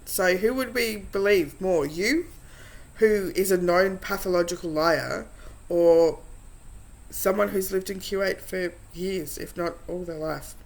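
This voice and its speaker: A woman talks over footage of a livestream, picking it apart in a blunt, mocking tone. Her remarks come out flat and sarcastic. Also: lowish voice, unhurried, vocal fry, low-quality recording. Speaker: reaction commentator. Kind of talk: sarcastic commentary over a stream.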